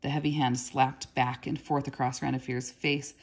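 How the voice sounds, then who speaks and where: A woman reading a novel aloud in a steady, measured storytelling voice. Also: extremely low pitch. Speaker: reader.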